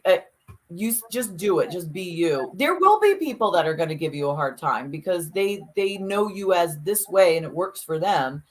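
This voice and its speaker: Reflective woman podcast co-host, lower voice, feels her way through her points. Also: expressive, normal speed. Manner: hesitant, restarts her thoughts. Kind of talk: casual podcast chat.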